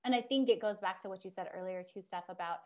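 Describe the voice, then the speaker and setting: A woman's voice: mid-range voice, quick pace. A woman co-hosting a casual podcast chat, giggly and affirming. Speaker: podcast co-host.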